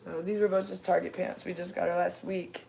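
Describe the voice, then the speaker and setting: A woman's voice: lowish voice, level tone, a little fast, gravelly, dark tone, a little hiss or hum. A woman from California chatting casually on a live stream, rambling with many fillers and restarts. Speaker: livestream host.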